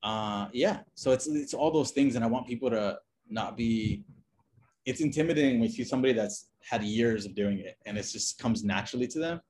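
A man talking as a guest in a relaxed interview, loose and conversational, with frequent fillers and restarts. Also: mid-range voice, a little fast. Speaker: designer and podcast guest. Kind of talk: casual interview chat.

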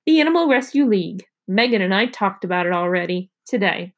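A woman's voice: mid-range voice, lively intonation, fairly quick. A woman reading aloud, voicing a proud, bossy young girl with a snappy, indignant way of talking.

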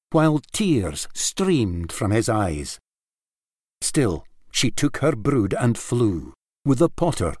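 A man reads a rhyming tale aloud at an unhurried pace, his voice rising and falling with lively melody. The sound is close and dry, with no room around it. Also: medium pitch, dry recording. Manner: expressive, lilting verse reading. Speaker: narrator. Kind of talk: rhyming storybook narration.

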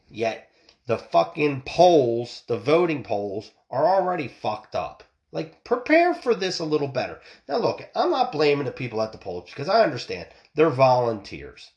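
A middle-aged man ranting and telling a story bluntly, swearing often and restarting his sentences. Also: lowish voice. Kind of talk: profane ranting monologue.

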